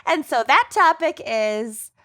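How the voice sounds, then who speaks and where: A woman co-hosting a podcast, chatting casually and explaining things at length in an animated way. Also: sits high, slow pace. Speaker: podcast co-host.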